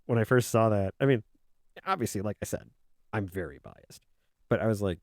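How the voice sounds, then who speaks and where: Man, casual stream chat, joking, rambling, lively up-and-down delivery. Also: on the low side, normal speed, pauses often, dry recording, clean studio sound. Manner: rambling, joking, speaks as a kobold in his own voice. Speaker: art streamer. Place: indoors at a desk.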